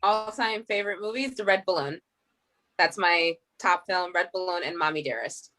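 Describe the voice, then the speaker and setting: A woman's voice: fairly low pitch, moderate pace, sharp tone. A woman guest in a casual interview, chatty and opinionated. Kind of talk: casual chat.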